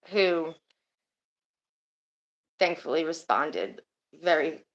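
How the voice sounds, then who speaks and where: A woman's voice: on the low side, muffled recording. A woman streaming and chatting casually with her viewers, rambling and swearing now and then. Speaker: streamer talking to her chat. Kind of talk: casual livestream chat.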